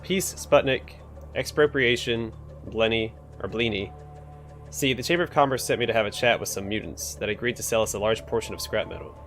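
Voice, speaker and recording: A jittery clerk from a role-playing game, read by a man, stumbling over his words and apologizing as he goes. His voice sits fairly low. Faint music plays in the background. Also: a little fast, a bit bright, close to an everyday voice. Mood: nervous. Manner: stammering, apologetic. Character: nervous male clerk with verbal tics.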